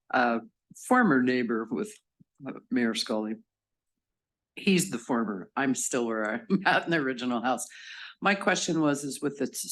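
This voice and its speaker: Woman resident at a town-hall Q&A, chatty, laughs, rambling question. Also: rumbling low. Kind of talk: public meeting Q&A. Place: city hall meeting room.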